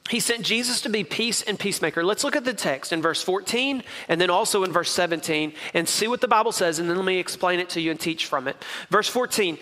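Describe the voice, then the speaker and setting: A man's voice: sits high, fast talker, sharp tone. A man preaching a sermon as pastor of his church, stressing points through repetition. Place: church sanctuary. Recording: reverberant hall.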